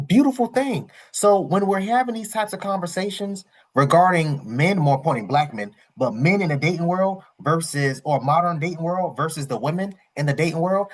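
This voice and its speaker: A man hosting a casual reaction commentary, rambling and candid, full of slang, repeating his points. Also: fairly high pitch. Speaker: reaction channel host.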